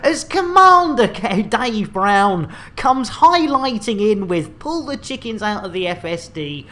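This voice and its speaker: A woman streams a space game and chats with her audience in quick, jokey banter. Her voice sits at a middling pitch, and the talk stays loose and playful. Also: animated, fairly bright tone. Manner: chatty, jokey, fast banter with viewers. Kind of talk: live gameplay commentary.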